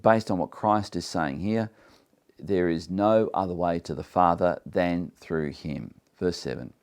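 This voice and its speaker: Deep-voiced man teaching the Bible. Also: measured pace. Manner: earnest, reads scripture aloud then explains it; emphatic, with repeated restarts.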